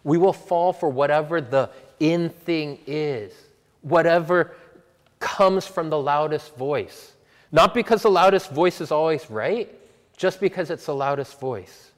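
A man preaching a sermon and leading a prayer, earnest and emphatic, slowing down to stress repeated words. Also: a little high, big-room sound. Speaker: pastor.

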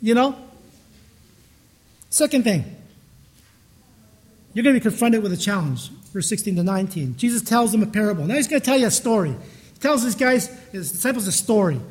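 A man's voice: high voice, sing-song, fairly quick, pauses often, breathy edge. A man pastor giving a conversational sermon, telling stories in a chatty way and often restarting his sentences. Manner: storytelling, chatty, with frequent restarts.

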